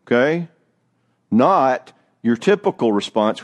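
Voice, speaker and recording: A man, a therapist giving a lively, joking talk on marriage with some self-mockery. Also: mid-range voice, normal speed.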